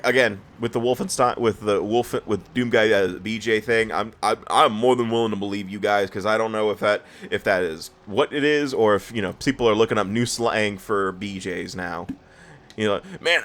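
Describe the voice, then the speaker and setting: This let's play host has only just gotten up and sounds tired as he rambles and stammers through laid-back gameplay commentary. His voice is on the low side and fairly bright, at a moderate pace, and he laughs while making fun of himself.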